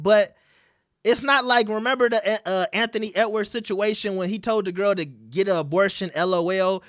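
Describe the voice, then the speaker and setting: High-voiced chatty man, dry close sound. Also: a bit bright, dry recording. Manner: chatty, conversational, keeps asking the audience. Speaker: commentary channel host. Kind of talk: casual commentary reading out text messages.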